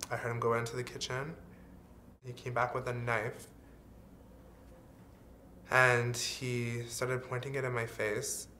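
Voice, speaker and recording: A man's voice: mid-range voice, monotone, measured pace, pauses often, sharp tone, slight background noise. A man speaking in a candid, earnest confessional vlog, dropping the odd swear word. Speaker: vlogger.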